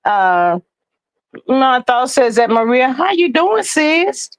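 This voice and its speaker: A woman hosting a casual livestream, greeting viewers and reading their comments aloud in a lively, chatty way. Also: high voice, slow pace, clear, resonant tone, no room sound, low-quality recording. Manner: lively and chatty, with Southern American slang. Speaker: livestream host.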